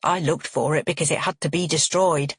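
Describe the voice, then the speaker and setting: Female reader doing old dad with dementia: demanding, snappish, husky and low, dry close read. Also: steady tone, dry recording. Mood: insistent. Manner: demanding, snapping, then lost and slow. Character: elderly father with dementia, confused then stern.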